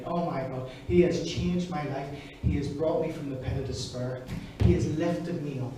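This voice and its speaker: A man's voice: a little high, moderate pace, hardly any pauses, mellow. A man preaching a sermon, earnest and personal, speaking straight to the congregation. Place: church hall. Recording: echoey hall, distant mic, noisy.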